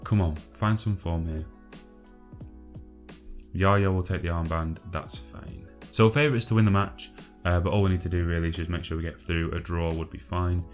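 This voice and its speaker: A man giving casual gameplay commentary, chatty and exasperated, swearing often and filling pauses with ums. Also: low-pitched, fairly even intonation, faint music behind. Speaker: gaming channel host.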